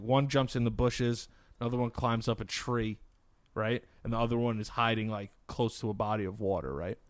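A man's voice: medium pitch, fairly even intonation, moderate pace, no room sound. A man co-hosting a podcast, telling jokes in a rambling way and laughing at them. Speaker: podcast co-host. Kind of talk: casual chat, telling jokes.

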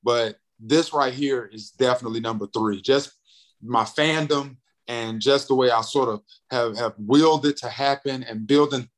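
A man's voice: mid-range voice, moderate pace. A young man from North Carolina telling a story as a podcast guest, acting out the voices in it and often repeating words. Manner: animated, acts out quoted voices, repeats words. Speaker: guest, radio and TV personality. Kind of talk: excited storytelling in a podcast chat.

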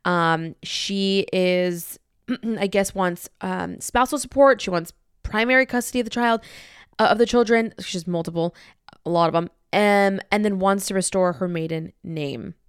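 A woman's voice: medium pitch, unhurried, clear, resonant tone, no room sound, studio quality. A woman hosting a podcast in a casual, rambling, candid chat, swearing freely. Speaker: podcast host.

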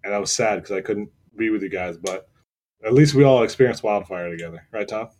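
A man's voice: fairly low pitch, a little fast, darkish tone, slight background noise. A man hosting a podcast in casual chat, playful and teasing, laughing often. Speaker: podcast host.

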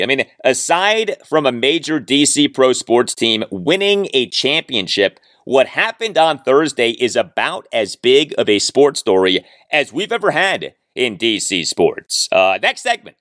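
Male sports podcast host, solo monologue, very animated pitch, dry close sound, emphatic and wry. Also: dry recording. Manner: emphatic, sarcastic swings into high pitch.

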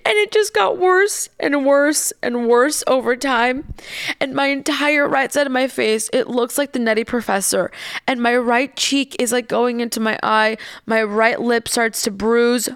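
A woman's voice: fairly high pitch, a little slow, clear, resonant tone, no echo, studio quality. A young woman telling a candid story in a casual, chatty way, swearing and laughing as she goes.

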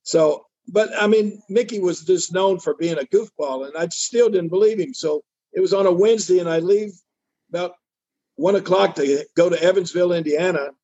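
A man's voice: high voice, moderate pace, warm tone, slightly rough, no room sound, dull audio. An older man telling a long story in a casual interview, acting out the voices of the people he quotes. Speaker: interview guest.

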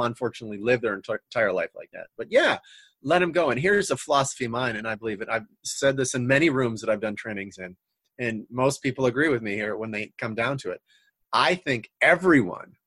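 A man guest on a coaching talk show, calmly explaining his personal philosophy like a trainer. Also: mid-range voice, no echo. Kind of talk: conversational interview.

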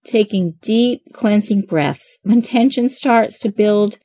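A woman's voice: medium pitch, slow, warm tone. A woman in her forties, a mother of eight hosting a parenting show, reading advice in an upbeat, chatty way. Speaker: parenting podcast host.

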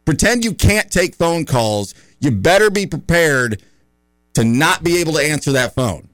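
A man's voice: on the high side, expressive, normal speed, a bit bright, no room sound. A man hosting a radio talk show, talking in an opinionated, conversational and rambling way in a studio.

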